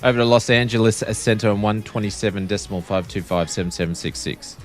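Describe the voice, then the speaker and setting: A man's voice: fairly low pitch, fast talker, music in the background. An Australian man chatting casually and joking while he streams a flight simulator. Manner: joking, playfully pleading. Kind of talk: casual live-stream chat.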